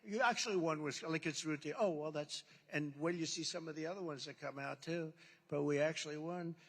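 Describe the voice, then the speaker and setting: A man's voice: a little high, brisk, a bit bright. A man giving a rambling, boastful off-the-cuff speech at a rally, repeating himself for emphasis, into a podium microphone in a large indoor hall. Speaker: political speaker at a rally. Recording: long hall reverb, amplified.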